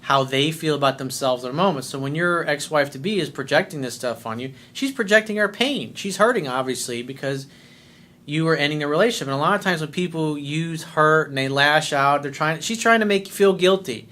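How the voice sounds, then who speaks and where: A man's voice: a little high, animated, fairly quick, sharp tone. A man coaching a viewer through a family breakup, talking bluntly and with swearing, often acting out what to say. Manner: blunt and profane, acts out dialogue. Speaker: life coach. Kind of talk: answering a viewer's letter.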